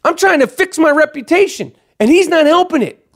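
A man's voice: animated, brisk. A man putting on a cranky male basketball star who swears and complains about a teammate. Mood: exasperated. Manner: profane, complaining, raised pitch. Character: gruff, exasperated male star point guard.

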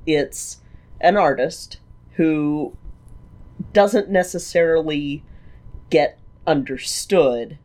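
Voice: mid-range voice, a little mellow. A podcast co-host in casual chat, speaking thoughtfully and often chiming in with short agreement. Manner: slow, thoughtful, lots of short agreeing replies.

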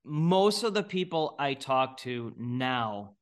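Middle-aged male guest, blunt and opinionated, laughs a lot, mid pitch. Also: very animated, slow pace. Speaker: guest entrepreneur. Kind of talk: casual interview talk.

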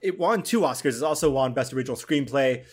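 A man's voice: mid-range voice, lively intonation, fast, slightly rough. A man hosting a film podcast, rambling casually with fillers, restarts and casual swearing. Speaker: podcast host. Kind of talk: casual chat.

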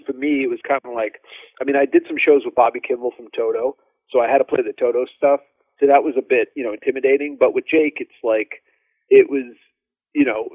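Drummer telling stories over a phone line. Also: male voice, medium pitch, no room sound. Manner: animated, laughing storyteller, many fillers. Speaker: guest drummer. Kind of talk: casual storytelling interview.

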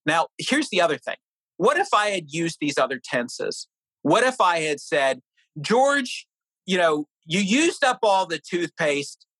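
A man's voice: no room sound, poor audio. A middle-aged man, an author being interviewed, explaining ideas and telling a family anecdote in a conversational way. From New Hampshire. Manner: animated storyteller, lively pitch. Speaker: author and guest.

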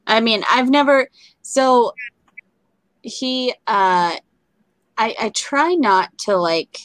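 A woman's voice: fairly high pitch, takes it slowly, a bit bright, no echo. Chatty woman comedian guest. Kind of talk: casual video chat.

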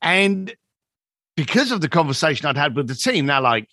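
Animated storyteller man, lively pitch. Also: moderate pace, no room sound, studio quality. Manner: animated storyteller who acts out quoted dialogue. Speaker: podcast guest. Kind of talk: storytelling in a podcast interview.

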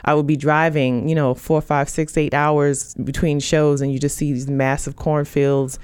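A woman's voice: sits low, flat delivery, moderate pace, darkish tone, clean tone, no echo. A woman stand-up comedian chatting as a podcast guest, easygoing and wry, with sarcastic storytelling, on a studio microphone. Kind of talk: casual podcast chat.

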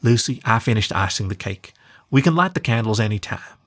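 A man voicing a young female husky who talks in a polite, curious way. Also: on the low side, lively intonation, a little fast, a bit bright.

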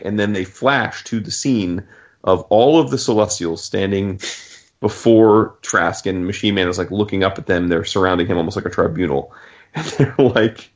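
A man with a lowish voice recaps a comic story in loose, rambling chat, full of fillers and swearing. He slips into the characters' lines as he goes. The audio is a bit dull and lo-fi. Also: normal speed. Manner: rambling, profane, acts out quoted dialogue, frequent fillers. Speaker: podcast host.

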